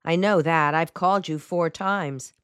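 A woman's voice: deep voice, unhurried, clear, resonant tone, no echo, studio quality. A woman voicing an earnest young male soldier who speaks in terse, clipped sentences.

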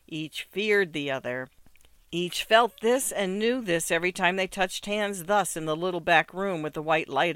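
A man narrating a literary story aloud in a measured, expressive, rhythmic way. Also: a little high, clear, resonant tone, no room sound.

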